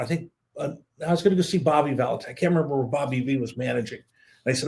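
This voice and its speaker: A man hosting a podcast interview, an animated storyteller who acts out the quotes in his anecdotes. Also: medium pitch, fast talker, vocal fry. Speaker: podcast host, executive producer.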